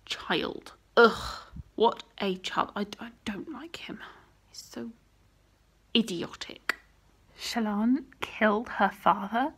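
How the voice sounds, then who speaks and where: A young woman chatting casually about a book she just read, excitable and full of "like". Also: mid-range voice. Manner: animated, excitable, says "like" often. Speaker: reading vlogger. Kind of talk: casual book reaction chat.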